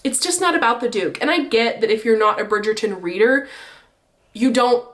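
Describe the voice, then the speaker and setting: A woman giving chatty, opinionated commentary in a casual vlog, her pitch swinging up when she makes a point. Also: animated, moderate pace, fairly bright tone. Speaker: book and TV vlogger.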